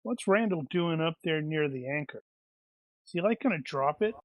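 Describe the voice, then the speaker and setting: A man's voice: a little high, lively intonation, normal speed, dry recording. A man playing in a tabletop game, joking and teasing the others in casual chat. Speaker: player.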